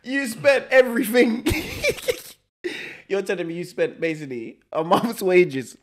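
Lively high-voiced man reacting. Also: measured pace. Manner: short back-channel replies, lively reactions. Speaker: podcast co-host. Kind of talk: casual chat.

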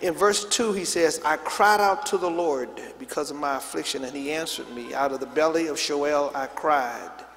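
A man's voice: on the high side, normal speed, few pauses, a bit bright. A man a sermon as pastor, calling out to the congregation to repeat his words and answer him. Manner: preaching with call-and-response to the congregation. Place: large church sanctuary. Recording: long reverb of a big hall.

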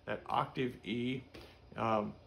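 Gravelly man teaching trombone phrasing. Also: mid-range voice, steady tone, slow, a bit bright. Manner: casual, sings note syllables to demonstrate. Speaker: music teacher. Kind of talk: instrument lesson.

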